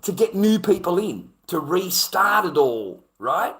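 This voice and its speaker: A man's voice: sits high, big pitch swings, a little slow, a bit bright. An Australian man ranting to his audience in a casual, profane, indignant way, repeating his points. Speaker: streamer. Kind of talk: casual rant to camera.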